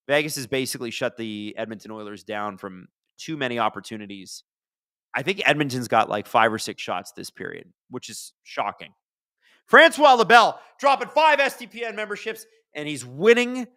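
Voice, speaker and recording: A man's voice: medium pitch, no room sound, clean studio sound. A man casually hosting a live hockey watchalong, chatting with viewers and telling rambling stories between plays. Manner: rambling, chatty, jumps from storytelling to excited play calls. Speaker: livestream watchalong host.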